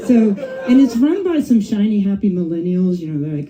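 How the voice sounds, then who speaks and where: A woman's voice: medium pitch, sing-song, fairly quick, dark tone, some chatter behind, a little hiss or hum, low-quality recording. A middle-aged woman doing her first stand-up comedy set, chatty and profane, often tagging lines with "right?" and "you know". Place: comedy club stage. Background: audience laughing and cheering.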